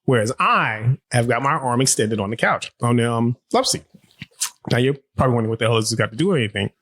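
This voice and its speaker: A man's voice: mid-range voice, expressive, quick pace, fairly bright tone, no room sound. A middle-aged man co-hosting a podcast from a living room love seat, bantering loosely with lots of laughter and profanity, close to the mic. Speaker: podcast co-host. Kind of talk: casual chat. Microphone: close studio mic.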